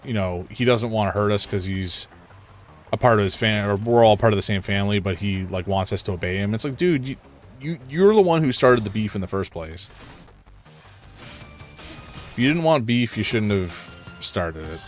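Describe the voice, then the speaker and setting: A man streaming a video game, chatting and joking as he thinks out loud about his choices. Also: fairly low pitch, a little fast, soft background music. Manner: chatty, joking, thinks aloud while playing. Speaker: gaming streamer. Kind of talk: casual live gameplay commentary.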